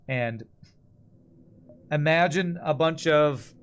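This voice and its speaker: Taking it slowly, this game streamer has a smooth voice on the high side. He's an American man in his forties from Texas who chats and rambles through casual game commentary, reading out the chat over faint game music.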